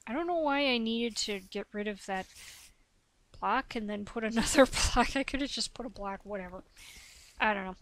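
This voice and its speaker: A woman's voice: a little high, moderate pace. A woman in her late twenties with a young-sounding voice, doing hyper, nonstop voice-over commentary on her gameplay, a little sniffly. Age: 20s. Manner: hyper, chatty, talks nonstop. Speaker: let's play host.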